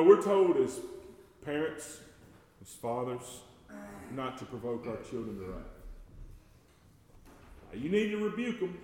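A man preaching a sermon, folksy and talking to the congregation as y'all, growing loud and slow whenever he quotes scripture. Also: fairly high pitch. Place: church sanctuary. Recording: echoey church hall with long reverb.

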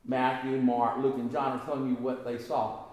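A man preaching a sermon, talking to the congregation in a conversational way and rising to impassioned high peaks. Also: flat delivery, moderate pace, darkish tone. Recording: echoey hall.

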